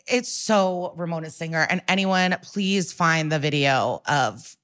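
A woman's voice: sits low, unhurried, a bit bright. A woman co-hosting a podcast, recapping an episode in casual chat with a blunt, profane and sarcastic manner. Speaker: podcast co-host.

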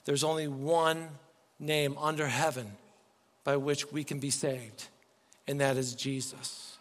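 A man's voice: mid-range voice, flat delivery, slow. A man preaching a sermon as pastor, earnest and pleading, often restarting his words. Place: church sanctuary. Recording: long reverb, faint music behind.

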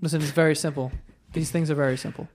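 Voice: mid-range voice, steady tone, quick pace, darkish tone, slight background noise. A podcast host reacting to guests with exasperated, laughing casual banter.

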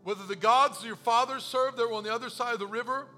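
A man preaching a sermon as pastor, joking at himself and moving from quiet confession to loud urging. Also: extremely high pitch, faint music behind. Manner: animated, self-deprecating humor, swings from quiet confession to shouting; quotes scripture slowly.

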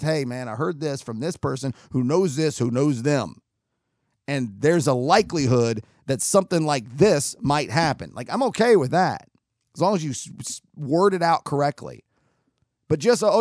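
A young man tells a story in a rambling, self-mocking way, his voice rough and gravelly and his pitch rising and falling widely. He sits a little higher than most men. The recording is close and dry, with no room sound. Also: dry recording. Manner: animated, self-mocking, acts out quoted dialogue; rambling with frequent restarts and fillers. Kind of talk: casual monologue telling a personal story.

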